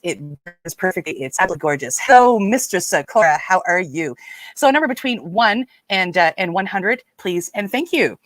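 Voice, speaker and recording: A woman's voice: fairly low pitch, lively intonation, a little fast, a bit bright, no echo, faint music behind. A woman from Nova Scotia, hosting a casual live stream, chatty and rambling as she greets viewers by name. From Nova Scotia, Canada. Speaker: livestream host.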